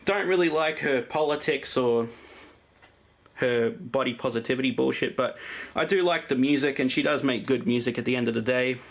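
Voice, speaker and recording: A man's voice: mid-range voice, moderate pace, vocal fry. An Australian man casually showing his vinyl collection, rambling through it with plenty of ums and uhs. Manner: rambling, lots of ums and uhs while listing records. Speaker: record collector vlogger. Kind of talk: casual show-and-tell.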